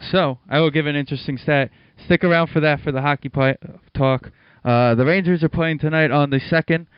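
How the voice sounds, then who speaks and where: A man co-hosting a casual sports podcast, chatty and quick to laugh, running the show's plugs and segues. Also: on the high side, steady tone, smooth, no room sound, muffled recording. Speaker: podcast co-host.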